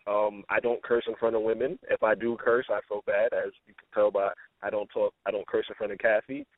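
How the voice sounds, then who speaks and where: A man's voice: on the low side, level tone, brisk, no echo. A man in his twenties co-hosting a casual radio call-in show, telling stories with a laugh and teasing a caller. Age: 20s. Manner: laughing, storytelling, playful teasing. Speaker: co-host. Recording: tinny phone-line sound.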